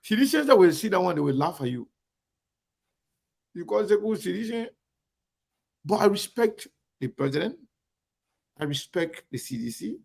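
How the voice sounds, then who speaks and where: Gravelly man hosting a show. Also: sits high, sing-song, moderate pace, long pauses. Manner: emphatic, repetitive, speaks directly to viewers. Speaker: online talk show host. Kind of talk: live show shout-outs and commentary.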